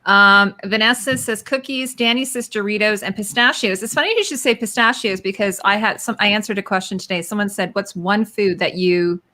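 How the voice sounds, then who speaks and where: Bright-voiced woman hosting a chatty livestream. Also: medium pitch, fairly quick, hardly any pauses. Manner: chatty, reads viewer comments aloud. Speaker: livestream host. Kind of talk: casual livestream chat.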